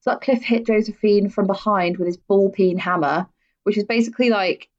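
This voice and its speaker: A woman's voice: medium pitch, normal speed. A woman hosting a podcast, telling true-crime stories in a casual, blunt way and swearing freely. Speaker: podcast host. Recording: dull lo-fi audio.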